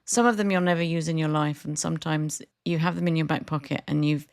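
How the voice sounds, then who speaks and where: A woman's voice: low-pitched, fairly even intonation, fast, vocal fry. A woman co-hosting a café podcast, telling stories in a casual chat and laughing often. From Britain. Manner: storytelling with frequent laughter. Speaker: podcast co-host.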